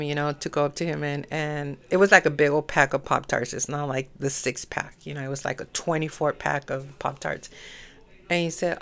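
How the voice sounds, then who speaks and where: A woman's voice: sits low, steady tone, normal speed, creaky, a bit bright. A middle-aged woman hosting an astrology podcast, chatting in a rambling way full of "you know" fillers. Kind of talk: rambling casual monologue.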